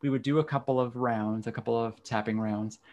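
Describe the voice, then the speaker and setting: A man who is a guest on a podcast, explaining his practice in a calm, measured way. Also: medium pitch, highs cut off. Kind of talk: explanatory interview talk.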